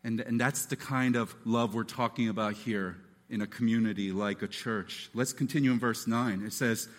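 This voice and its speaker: Animated preacher in a reverberant hall. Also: male voice, lowish voice, moderate pace. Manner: animated, acts out voices and quotes. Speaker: pastor. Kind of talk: sermon.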